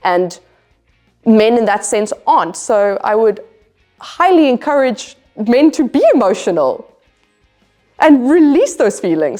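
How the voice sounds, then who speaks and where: A South African woman, a tech developer, answers interview questions as a guest, speaking earnestly and emphatically and often repeating her main points. Her slightly high, mellow voice is very animated yet a little slow, with frequent pauses and soft background music.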